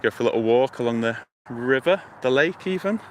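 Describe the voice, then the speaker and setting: A man from the United Kingdom livestreaming on his phone while walking outdoors by a lake, chatting to viewers in a relaxed, rambling way. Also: medium pitch, a little fast. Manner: relaxed rambling, thinking aloud, talks to viewers. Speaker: live-stream vlogger. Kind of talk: casual walking livestream chat. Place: outdoors by a lake and river near a motorway. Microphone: phone held while walking. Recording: outdoor traffic hum behind.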